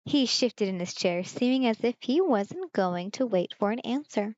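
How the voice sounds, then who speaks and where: A woman's voice: a little high, expressive, moderate pace, hardly any pauses, a little mellow, dry recording, highs cut off. A woman from Germany streaming a visual novel, reading the story aloud and chatting with viewers in asides.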